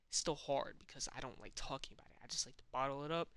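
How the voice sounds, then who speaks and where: A man's voice: medium pitch, racing, hardly any pauses, a bit bright, clear, resonant tone. A young man talking casually and candidly to camera, in a slangy, self-reflective way. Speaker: vlogger. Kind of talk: casual personal monologue.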